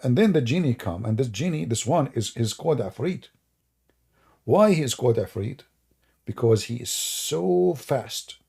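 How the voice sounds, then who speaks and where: A man's voice: medium pitch, lively intonation, normal speed, creaky, mellow, breathy edge. A man hosting a livestream and taking callers, talking in a sarcastic, mocking way with loose non-native grammar. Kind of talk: mocking religious-debate livestream.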